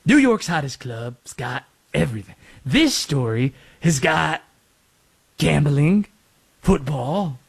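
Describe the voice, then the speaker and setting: A man doing a comedy impression of a flamboyant, excitable male nightlife guide, rising in pitch as he goes. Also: gravelly, husky, full character voice.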